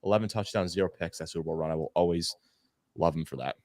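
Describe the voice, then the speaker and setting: Brief: low-pitched man, dry close sound, a guest fan gushing and stumbling over his words. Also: fast talker, no room sound. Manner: animated, excitable fan talk with repeats. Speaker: guest superfan. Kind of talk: casual podcast chat.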